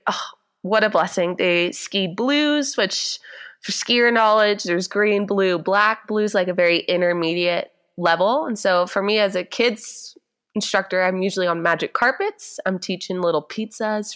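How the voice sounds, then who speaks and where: A woman in her twenties, a podcast guest, telling a story in a chatty, animated way with a gentle voice. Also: mid-range voice, moderate pace, clean tone. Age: 20s. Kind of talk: casual chat, storytelling.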